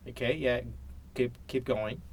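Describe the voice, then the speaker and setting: A slow-talking Indonesian man practicing his English in a conversation drill. He pauses, stumbles and repeats phrases as he reaches for the right words, at an everyday middle pitch. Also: steady tone. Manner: hesitant, repeats and restarts while searching for words. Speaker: English learner and teacher.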